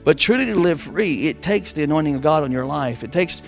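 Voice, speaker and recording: A man's voice: on the high side, lively intonation, a little fast, creaky, faint music behind. A man preaching a sermon, calling on the congregation to answer back. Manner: preaching with call-and-response. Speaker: pastor.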